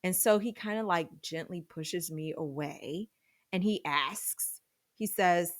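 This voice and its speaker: A woman in her thirties tells a comedic personal story at an unhurried, drawn-out pace. Her delivery is dramatic and animated, jumping into sudden loud bursts for emphasis. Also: lowish voice. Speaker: podcast storyteller.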